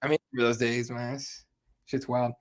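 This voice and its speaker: A man's voice: medium pitch, flat delivery, measured pace. A man from Arizona co-hosting a casual podcast, reading out live chat in an easygoing way and laughing often. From Arizona, USA.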